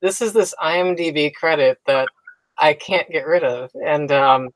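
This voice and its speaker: Actor guy in an interview, dry deadpan humor, close dry sound. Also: fairly high pitch, normal speed, dry recording, low-quality recording. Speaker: actor guest. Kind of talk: casual interview chat.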